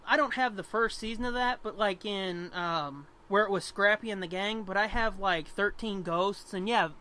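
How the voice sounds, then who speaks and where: A man co-hosting a comic-book podcast in casual chat, excitable and profane. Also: high voice, normal speed. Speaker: podcast co-host.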